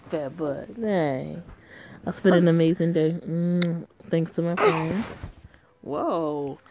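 A woman's voice: sits low, slow pace, background noise. A woman reading a story game aloud with casual commentary, blunt and profane, talking back at the characters. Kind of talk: casual play-through commentary.

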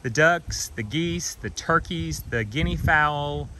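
A man giving a gentle, affectionate walking tour of his farm outdoors, filmed on a handheld camera. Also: a little high, slow pace, slight background noise. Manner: gentle, affectionate, talks to trees and animals. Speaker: vlogger touring his farm. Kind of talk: casual walking tour vlog.

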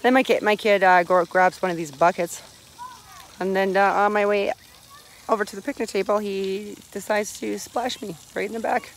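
Chatty mom vlogging at a spray park. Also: female voice, mid-range voice, fairly even intonation, moderate pace, a little hiss or hum, low-quality recording. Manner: chatty, rambling, with laughs and fillers. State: hoarse from screaming. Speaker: mom filming her son at a spray park. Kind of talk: casual phone vlog.

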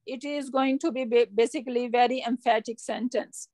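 A woman with a high voice teaches a grammar lesson, explaining patiently and asking her students questions as she goes. Her speech comes through dry and close, with no room sound around it. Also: steady tone, moderate pace, a little mellow, dry recording. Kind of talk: online class lesson.

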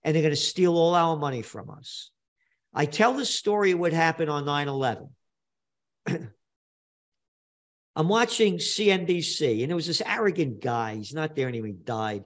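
An older New man tells his story in an interview, blunt and emphatic, hammering key phrases home. His voice sits a touch higher than most men's. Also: animated, normal speed, pauses often, a bit bright. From New York. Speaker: guest. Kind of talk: animated storytelling interview talk.

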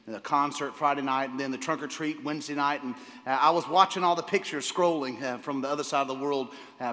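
A man pastor preaching a sermon to his congregation, enthusiastic, often repeating words and pausing with fillers. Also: medium pitch, fairly even intonation, sharp tone. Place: church sanctuary. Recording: long hall reverb.

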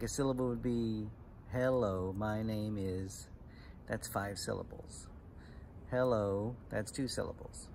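A man's voice: lowish voice, a little mellow, slight background noise. A man working as a club instructor, giving a step-by-step lesson to children and explaining patiently with frequent ums. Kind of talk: slow step-by-step lesson for kids.

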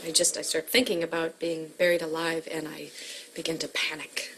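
A woman's voice: deep voice, flat delivery, moderate pace, heavy background noise. An actress playing a nervous, giggly woman patient in a comedy sketch.

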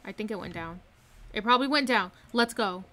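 A woman streaming a game live from her room, excitedly commenting and repeating herself with hyped exclamations. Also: medium pitch, fairly quick. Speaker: gaming streamer.

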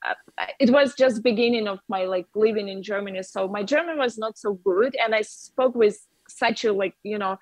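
A woman's voice: mid-range voice, normal speed, dry recording, low-quality recording. A woman with a Russian accent, a native Russian speaker, chatting as a guest artist and laughing often. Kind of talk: casual chat.

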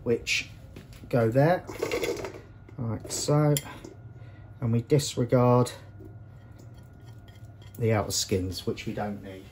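A man's voice: medium pitch, takes it slowly, long pauses, a little mellow, a little hiss or hum. A man hosting a cooking show, chatting casually as he walks viewers through each step of a recipe in a kitchen. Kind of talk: cooking demonstration.

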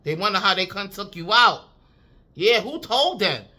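A woman in a loose, profane spiritual reading with a bright, forceful edge to her voice. She hammers her points with repeated phrases and breaks into chuckles as she goes. Her delivery is emphatic and casual rather than polished. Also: medium pitch, lively intonation, normal speed. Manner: profane, emphatic, repeats "I'm telling you"; chuckles often while talking. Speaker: intuitive reader.

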